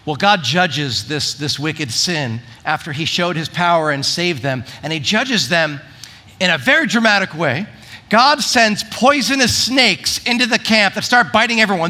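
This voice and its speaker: Guy preaching in church, high bright voice, gets animated and does little voices for the quotes. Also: a little slow. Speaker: pastor. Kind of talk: sermon.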